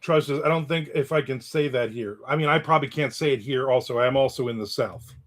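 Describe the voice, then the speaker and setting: A fast-talking man with a medium-pitched voice hosts a casual live stream in the American South, telling a story and reading out comments from chat.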